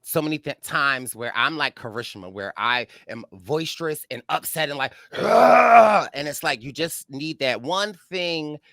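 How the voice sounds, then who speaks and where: A man's voice: medium pitch, moderate pace, hardly any pauses, bright, forceful tone, no room sound, studio quality. A man, co-hosting a recap show in an enthusiastic, loose and conversational way. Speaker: co-host, reality show recap. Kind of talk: casual chat.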